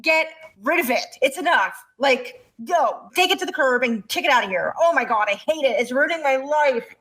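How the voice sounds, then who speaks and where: A young woman from the Montreal area co-hosting a podcast, talking in a casual, animated, exasperated way. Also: high voice, moderate pace. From Montreal area, Canada. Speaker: podcast co-host. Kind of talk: casual chat.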